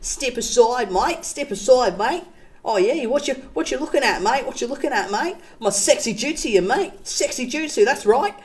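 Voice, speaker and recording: A woman's voice: high-pitched, expressive, normal speed, a little mellow, pitched above the performer's own voice. A woman voicing a rowdy young male street thug, taunting and full of slang. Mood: swaggering. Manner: slangy, taunting, repeats "mate" and "bruh". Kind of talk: comedic put-on voice on a live stream.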